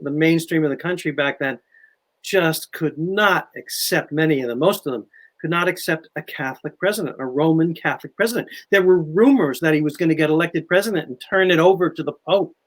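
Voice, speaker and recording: An older man chatting as a historian guest, telling history stories in a lively, animated way. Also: a little high, fairly quick. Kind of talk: casual history chat.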